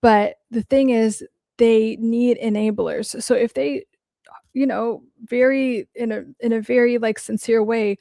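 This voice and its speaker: A frank woman host talks through listener questions in a loose, conversational podcast style. Her voice has a steady gravelly creak, and she curses without a second thought. The sound is close and dry, with no room echo. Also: a little high, unhurried. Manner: blunt and frank, swears casually, heavy use of "like". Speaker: mental health podcast host who works with clients. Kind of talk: casual podcast talk answering listener questions.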